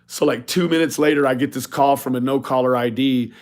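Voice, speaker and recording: A man's voice: mid-range voice, steady tone, fairly quick. A man telling a profane, mocking story in a casual rant, often acting out other people's lines. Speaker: video blogger.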